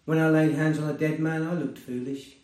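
A man preaching a sermon and sharing a personal testimony, earnest and conversational, rising to loud emphasis and dropping to hushed tones. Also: a little high, steady tone, fairly quick. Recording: roomy, distant mic.

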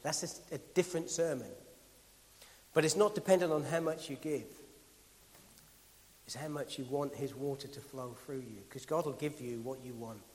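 A man preaching a sermon in a church hall. He builds with rhythmic, emphatic repetition and then drops to quiet asides. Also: medium pitch, normal speed, long pauses. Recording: long hall reverb.

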